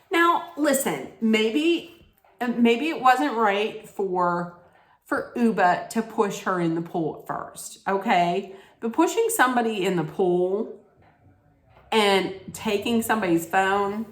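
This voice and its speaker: A woman ranting in a casual recap vlog, blunt, scolding and full of profanity. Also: medium pitch. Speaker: reality TV recap vlogger. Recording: echoey room.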